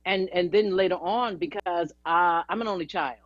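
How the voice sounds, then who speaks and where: In dry, dull lo-fi audio, a woman guest who sings and acts recounts chatty stories during an interview. Her voice is lowish and moves at normal speed.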